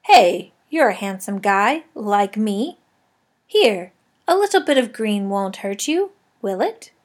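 A woman's voice: mid-range voice, big pitch swings, slow pace. A woman voicing a cheerful, chatty middle-aged male night janitor who jokes and talks kindly to a class pet. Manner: chatty, joking, friendly.

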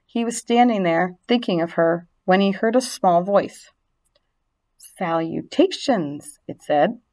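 A woman reads a storybook aloud in a gentle, expressive way, her pitch sitting in a middling range. She lets the story's quiet moments settle. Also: normal speed. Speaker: narrator. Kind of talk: storybook reading.

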